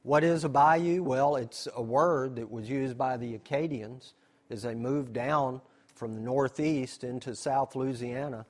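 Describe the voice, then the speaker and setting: A man's voice: medium pitch, fairly even intonation, unhurried, darkish tone. A man, a nature center staff member giving a slideshow presentation. He explains things step by step, asking questions and then answering them.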